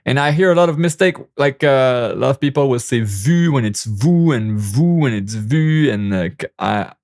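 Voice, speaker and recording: A young Québécois man, a native French speaker with a Quebec accent, teaches pronunciation in a relaxed spoken lesson, repeating each sound many times. His mid-range voice is expressive and darkish in tone, moving at a normal speed.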